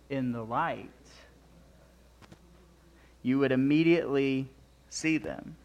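A young adult man preaching a sermon, emphatic, swinging between loud declarations and quiet asides. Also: mid-range voice.

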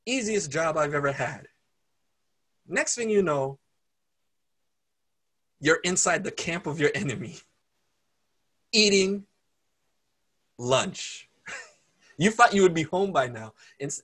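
A man preaching, retelling a story in an animated, conversational way. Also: a little high, unhurried, long pauses. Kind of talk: sermon storytelling.

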